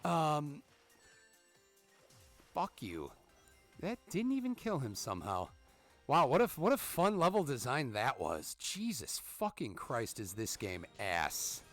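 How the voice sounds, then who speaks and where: A man's voice: medium pitch, huge pitch swings, slow pace, long pauses, fairly bright tone, faint music behind. A man in his thirties hosting gameplay commentary, telling a parenting story in a profane, ranting way with exasperated reactions to the game. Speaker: gaming channel host.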